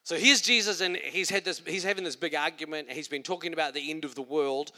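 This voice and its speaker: A middle-aged man with a New Zealand accent delivers a sermon in a church hall. His voice sits high and bright. He talks conversationally, then breaks into loud, emphatic quotations. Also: brisk. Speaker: preacher.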